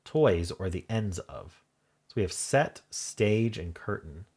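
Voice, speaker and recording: A man thinking aloud as he solves a crossword, muttering in halting self-talk with half-voiced asides. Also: on the low side, animated, darkish tone, husky. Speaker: crossword solving channel host. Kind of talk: thinking aloud while solving a puzzle.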